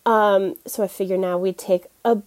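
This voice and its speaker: A woman's voice: mid-range voice, steady tone, moderate pace, darkish tone. A young woman from the United States telling casual, self-deprecating stories on a podcast, with many fillers and laughs. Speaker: guest podcast host. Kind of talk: casual storytelling monologue.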